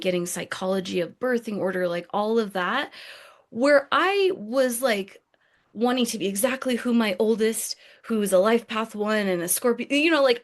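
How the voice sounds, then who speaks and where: A woman with a mid-range voice talks earnestly and openly, circling her thoughts and leaning on fillers as she searches for the right words. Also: mid-range voice. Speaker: roundtable guest. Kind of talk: candid conversation.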